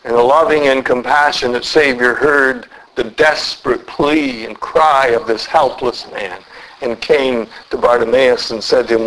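A man preaching a sermon earnestly, often slowing down and climbing to emphatic peaks. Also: a little hiss or hum, rough recording. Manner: lively pitch, slows down for emphasis.

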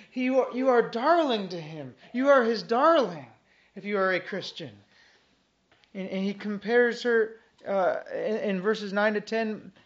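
A man preaching an expository sermon, reading scripture aloud and stressing key phrases earnestly with repetition. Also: high-pitched. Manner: reads scripture aloud between comments. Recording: dull lo-fi sermon recording.

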